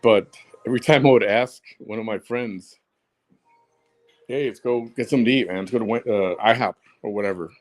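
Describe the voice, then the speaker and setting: A man's voice: lowish voice, brisk, soft background music. A man from Chicago, hosting a solo audio show, talking bluntly and heatedly, repeating himself for emphasis. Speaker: podcast host.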